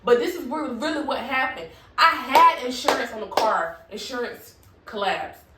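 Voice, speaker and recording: A vlogger with a fairly high voice tells her channel a casual storytime tale, loose and chatty, cursing freely and asking "you feel me." She sounds animated at a normal speed, sitting away from the mic in an echoey room with heavy background noise.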